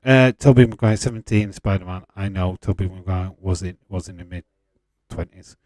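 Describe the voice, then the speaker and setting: A man's voice: low-pitched, steady tone, moderate pace, a little mellow, no room sound. A man with a Yorkshire accent hosting a casual live stream, chatting, reading out viewer comments and chuckling often. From England. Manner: chatty and laid-back, chuckling often, light swearing. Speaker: livestream host.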